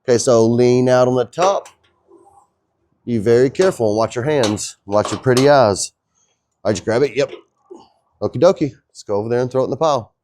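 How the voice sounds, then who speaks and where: Brief: easygoing man, mid-pitched, chatty DIY garage vlogger who jokes with his viewers. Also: brisk, long pauses, a little mellow, a little hiss or hum. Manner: joking, laid-back, talks to viewers as guys. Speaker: DIY truck builder. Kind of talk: casual how-to vlog.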